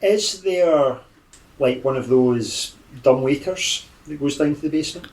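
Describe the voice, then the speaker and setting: A man's voice: on the high side, a little slow, a little mellow. Wry man at a tabletop game, roomy. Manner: wry, plotting. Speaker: player.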